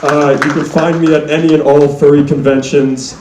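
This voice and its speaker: A young man doing a stand-up set, deadpan and self-mocking, building to loud punchlines. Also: fairly high pitch, normal speed, a little hiss or hum. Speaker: stand-up comedian. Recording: echoey room, mic heard from a distance.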